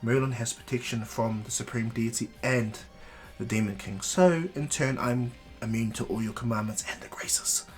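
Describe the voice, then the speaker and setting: A man playing Naruto, a confident young male ninja who explains his powers in an even, mid-pitched voice. He is casual and matter-of-fact, with faint music behind him. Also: moderate pace, natural voice. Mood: explaining.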